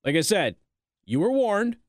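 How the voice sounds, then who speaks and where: A man's voice: sits high, sing-song, a little slow, no room sound, clean studio sound. A man doing sarcastic political commentary, reading news clippings aloud and breaking off to mock them with rhetorical questions. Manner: reads articles aloud then interjects.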